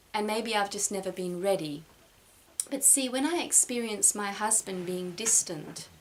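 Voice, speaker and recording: A middle-aged woman sharing a personal reflection in a halting way, with many restarts, close to tears. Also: mid-range voice, a bit bright, a little hiss or hum. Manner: halting, repeats words, emotional. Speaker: vlogger.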